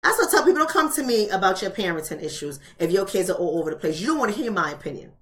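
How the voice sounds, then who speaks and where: A woman's voice: mid-range voice, very animated, racing, fairly bright tone. A woman hosting a live-streamed book club, talking bluntly and emphatically and repeating rhetorical questions.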